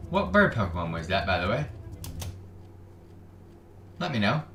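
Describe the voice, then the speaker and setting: A man's voice: on the low side, big pitch swings, measured pace, a bit bright, reverberant. A man streaming casual reaction commentary, sarcastic and often trailing off mid-sentence. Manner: sarcastic, trailing off, self-interrupting. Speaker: gaming streamer reacting to videos.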